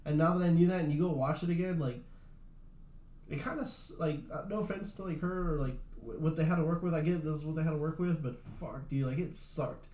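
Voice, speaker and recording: A man's voice: a little high, quick pace, warm tone. A young man chatting casually as co-host. He rambles, fills his speech with "like" and swears freely. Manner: rambling, swears a lot, says "like" often. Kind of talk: casual chat. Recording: roomy echo.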